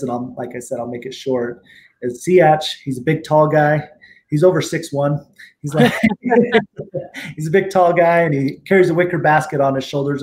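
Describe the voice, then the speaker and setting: A middle-aged man being interviewed as a guest, telling stories in a relaxed, rambling way, with many fillers and restarts. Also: mid-range voice, slight background noise. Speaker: guest attorney and tribal judge. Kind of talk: casual interview storytelling.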